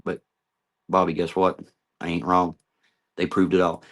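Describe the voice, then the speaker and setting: Middle-aged man, gravelly low voice, angry confrontational vlog rant. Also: completely flat delivery, a little slow. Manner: heated, confrontational, swearing. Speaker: vlogger. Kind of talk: ranting monologue to camera.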